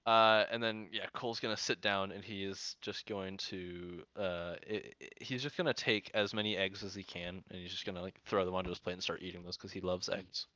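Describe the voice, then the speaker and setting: Young man, tabletop player, bright tense voice, dry close sound, slightly muffled. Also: sits low, brisk, hardly any pauses, no room sound. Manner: laughs often, animated. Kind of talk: casual tabletop play with character voicing.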